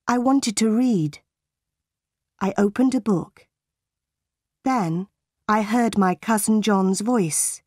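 A woman reads a simplified storybook for English learners at a very slow, deliberate pace, every word clear. Her voice is dry and close, with no room sound. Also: medium pitch, darkish tone, dry recording. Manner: slow, clear and carefully paced. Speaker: narrator. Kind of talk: scripted audiobook narration for English learners.

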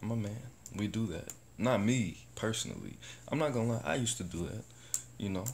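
A man's voice: on the low side, brisk, slight background noise. A man talking to camera in a rambling, profane, casual vlog about positivity. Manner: rambling, profane, animated bursts. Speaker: vlogger. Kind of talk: casual self-talk vlog.

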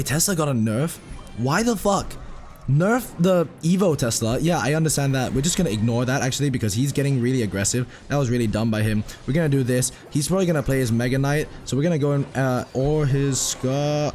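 Hoarse young man, excitable gameplay commentary. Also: medium pitch, brisk, faint music behind. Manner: excitable, self-mocking, swears often. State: hoarse, recovering from a lost voice. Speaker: mobile game streamer.

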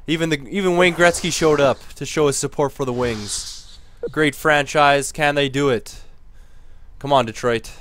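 A man giving casual commentary over a hockey video game he is playing, muttering low between plays and getting louder when he cheers. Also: normal speed. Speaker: gaming commentator.

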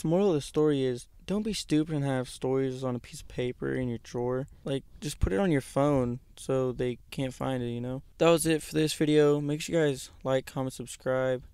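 A man's voice: medium pitch, dark tone, clear, resonant tone, dry recording. A teenage boy telling a rambling personal story in casual slang with some swearing. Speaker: YouTuber.

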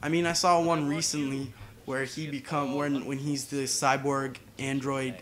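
A man's voice: mid-range voice, flat delivery, moderate pace, fairly bright tone. A man talking casually over a video game, rambling and drifting onto side tangents. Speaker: gaming channel host. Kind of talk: casual gameplay commentary.

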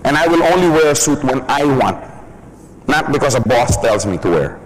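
A man's voice: mid-range voice, very animated, normal speed, a little hiss or hum, rough recording. A man giving a casual training talk who jokes and laughs often. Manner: casual, joking, laughs often, many "you know". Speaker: business trainer.

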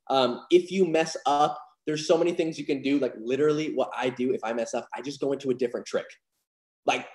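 This young man's voice sits on the high side and is a little mellow. As a magic instructor, he runs a casual online card magic lesson from an echoey room, confident and upbeat, with filler words everywhere.

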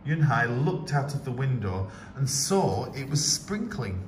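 A male teacher reading a picture book aloud with slow, expressive storytelling. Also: mid-range voice, a little hiss or hum. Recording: echoey room with faint ambience.

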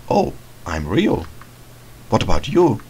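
Shy scarecrow boy from a storybook horror game, voiced by a man. Low, gravelly and slow. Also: wildly swooping pitch, darkish tone, exaggerated voice, rough recording. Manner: timid, earnest, halting. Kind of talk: reading game dialogue aloud in a let's play.

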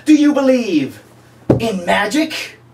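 A man putting on an over-the-top, scheming male infomercial pitchman who draws out his words and shouts his sales lines, recorded from a distance. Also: very animated, gravelly, noisy background, full character voice. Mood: hammy. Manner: booming, drawn-out sales shouting.

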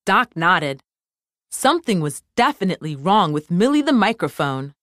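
A woman reading a children's storybook aloud in an expressive storytelling manner. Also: fairly low pitch, normal speed, dry recording, studio quality. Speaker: storybook reader. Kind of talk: scripted narration for children.

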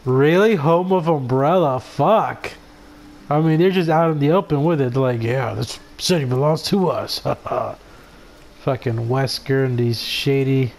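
A man giving excitable, laugh-filled let's play commentary, swearing freely as he reacts to the game. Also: mid-range voice, a little hiss or hum. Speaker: gaming commentator.

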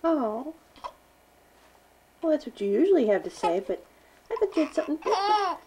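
A woman's voice: sits high, very animated, normal speed, background noise. A mother filming her baby at home, talking to him in a cooing, teasing, sing-song baby voice. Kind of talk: baby talk to an infant. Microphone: handheld home video camera.

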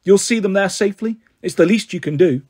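A man's voice: high-pitched, fairly quick, darkish tone. A man doing a blunt fierce huntress girl. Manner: blunt, demanding, gruff.

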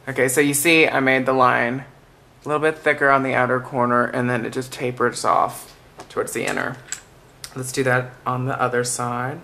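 A man giving a makeup tutorial in a soft-spoken, chatty and playful way. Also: mid-range voice, steady tone, moderate pace, creaky, slight background noise. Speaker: makeup vlogger.

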